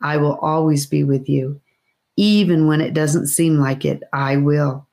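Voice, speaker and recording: A woman voicing a gentle, wise male guide in an audiobook, speaking calm and measured. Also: low voice. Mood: reassuring.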